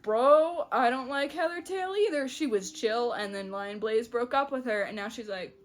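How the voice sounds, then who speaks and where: A woman's voice: a little high, moderate pace. A young adult woman chatting casually, giggly and slangy as she retells a story. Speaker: podcast co-host. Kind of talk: casual chat.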